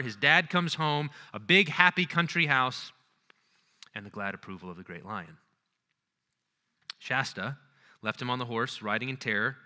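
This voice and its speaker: A man's voice: medium pitch, bright, forceful tone, in a large hall. A man giving a conference lecture, retelling a story earnestly and checking in with the audience. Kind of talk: lecture on literature and faith.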